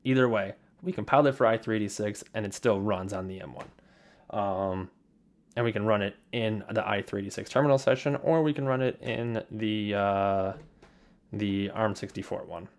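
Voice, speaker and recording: A young man talks through his development setup at his desk in a loose, rambling way, circling back on his words and filling pauses with ums and uhs. His voice sits a little low, and the delivery is relaxed and unscripted, like a casual screen recording. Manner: rambling, filler-heavy, repeats himself.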